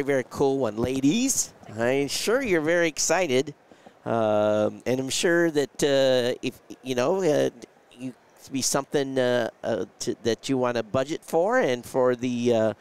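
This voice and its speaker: Guy hosting a live trade show stream, smooth clear voice, kinda rambly with lots of ums. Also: mid-range voice, animated, measured pace. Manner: rambling, lots of fillers and restarts. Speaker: event show host. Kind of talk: live interview chat.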